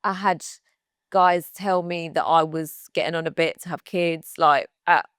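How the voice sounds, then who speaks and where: Earnest woman, lowish dry voice. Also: steady tone, a little slow, a bit bright, clear, resonant tone, no echo. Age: 30s. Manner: earnest, frank, heartfelt. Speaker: podcast co-host. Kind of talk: casual chat.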